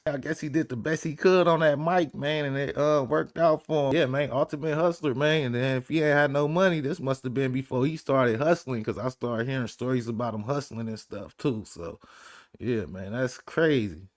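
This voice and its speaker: Male reaction host, mid pitch, casual and slangy. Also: normal speed. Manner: slangy, laid-back, says "man" a lot.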